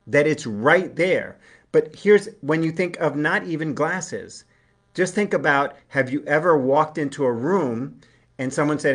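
A man's voice: medium pitch, fairly bright tone. A man giving a live relationship coaching talk, earnest and explanatory, acting out short everyday dialogues.

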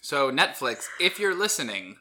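Bright-voiced joking man. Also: on the high side, big pitch swings, moderate pace. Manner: dry, joking asides. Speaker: podcast co-host. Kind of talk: casual game review chat.

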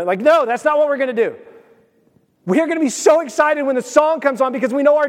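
Excitable midwestern pastor guy preaching, kinda high voice, echoey sanctuary. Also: quick pace. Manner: animated, excitable preaching with sudden swings in loudness. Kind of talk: sermon. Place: church sanctuary. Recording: long reverb of a church hall.

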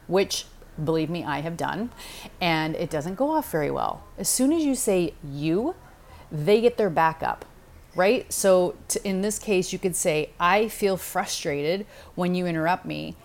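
A middle-aged woman hosting a podcast, talking through advice in a direct, conversational way and checking in with "okay?" and "right?". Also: lowish voice. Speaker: podcast host. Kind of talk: casual advice talk.

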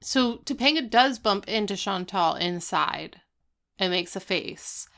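A woman's voice: mid-range voice, expressive, takes it slowly, creaky, a bit bright. A woman co-hosting a podcast, recapping a TV episode in casual, wry chat full of asides. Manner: chatty, wry, lots of "like" asides. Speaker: podcast co-host.

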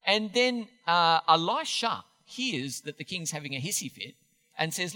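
A man's voice: on the high side, big pitch swings, a little slow, bright, forceful tone, long reverb tail. A man preaching a sermon in a church, chatty and self-deprecating, often restarting his sentences. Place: church hall.

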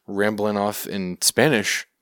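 A man's voice: on the low side, steady tone, slow, a bit bright, smooth, dry recording, clean studio sound. A young man co-hosting a movie review podcast, bluntly dismissive of the film in casual chat. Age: young adult.

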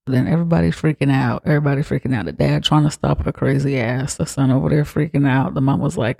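A man's voice: mid-range voice, steady tone, quick pace, gravelly, few pauses, a little mellow, dry recording, clean studio sound. A man hosting a comedy podcast, retelling a horror film in a slangy, profane, laughing way. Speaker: podcast host. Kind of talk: comedic movie recap.

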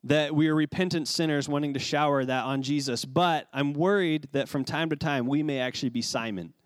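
A man's voice: fairly high pitch, a little fast, no echo. A man preaching a sermon as pastor, in a conversational way with casual asides.

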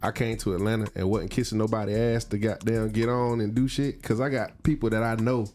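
A man's voice: on the low side, fairly even intonation, a little fast, darkish tone. A man co-hosting a podcast, speaking bluntly in slangy casual chat. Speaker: podcast co-host.

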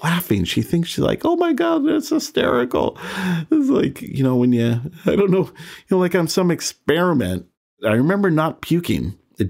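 A man's voice: lowish voice, darkish tone. A man in his sixties hosting a podcast, telling a personal story in a candid, self-deprecating way and chuckling as he remembers. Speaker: podcast host.

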